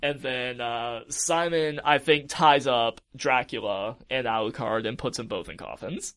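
A man co-hosting a podcast, recapping a cartoon episode in casual chat, animated, joking and profane. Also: medium pitch, a little slow. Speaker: podcast co-host.

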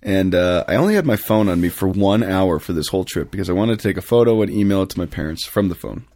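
Priest, male, very low voice, rambling podcast storyteller, dry close mic. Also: lively intonation, fast talker, darkish tone, no echo. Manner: rambling storyteller, many fillers and self-corrections. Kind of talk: casual podcast chat.

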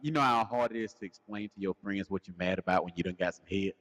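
A man's voice: sits low, fast talker, a bit bright, big-room sound. A man co-hosting a casual podcast, telling a story animatedly and defending his side with laughs. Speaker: co-host.

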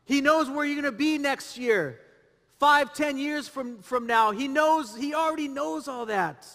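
A man's voice: extremely high pitch, unhurried, a bit bright, in a large hall. A man preaching a sermon, asking rhetorical questions and repeating phrases as he builds his point. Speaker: pastor.

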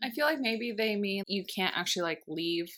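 A woman's voice: medium pitch, animated, moderate pace, a loud crowd. A woman in a casual chat, listening supportively and adding short reactions and comments.

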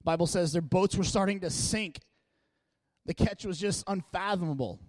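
Slightly high-voiced man giving a chatty sermon. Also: normal speed, no echo. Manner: chatty, joking, animated delivery. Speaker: church speaker. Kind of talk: casual sermon. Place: church meeting room.

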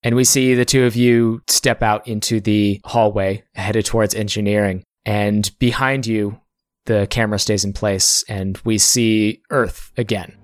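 A man running a tabletop game as game master, narrating scenes in a measured way with small pauses and restarts. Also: lowish voice, fairly even intonation, no room sound, studio quality.

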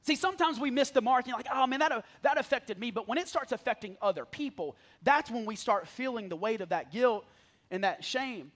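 High-voiced man preaching a lively sermon. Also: a little fast. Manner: animated and joking, talking straight to the congregation. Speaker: pastor. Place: church stage before a live congregation.

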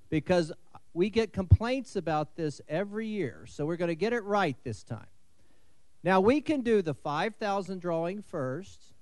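Chatty high-voiced man running a raffle. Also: no echo. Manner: chatty, fumbling, good-humored. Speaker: raffle host at an event. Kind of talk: live event announcing.

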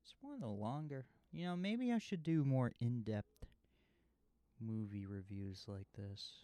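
A man retells a movie plot in a loose, joking ramble full of fillers. His voice is smooth and clear, and his pace is unhurried. The recording is dry and close. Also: mid-range voice, expressive, mellow, no room sound. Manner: rambling and jokey with many fillers. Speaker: movie reviewer. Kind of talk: casual movie recap.

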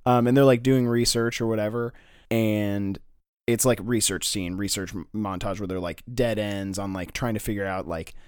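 A man's voice: fairly low pitch, steady tone, normal speed, a little mellow, clear, resonant tone, dry recording, studio quality. A man in casual chat, brainstorming a story, rambling with many fillers and swearing as he acts out characters' lines.

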